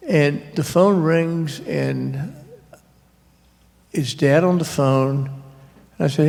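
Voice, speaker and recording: A man with a gravelly voice tells a story slowly at a live author event. He rambles, restarts, and pokes fun at himself. His handheld mic sits in a reverberant library hall. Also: a little high, steady tone, a little mellow. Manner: rambling, self-deprecating, halting with restarts. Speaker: guest author. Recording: echoey hall.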